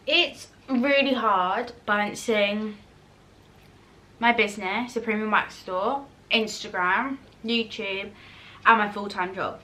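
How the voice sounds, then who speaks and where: A chatty woman in her twenties answers viewer questions in a relaxed vlog. Her voice is bright and forward, and she rambles with fillers, restarts and self-corrections. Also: mid-range voice. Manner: eating while talking at times. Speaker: YouTuber. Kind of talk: casual Q&A chat to camera.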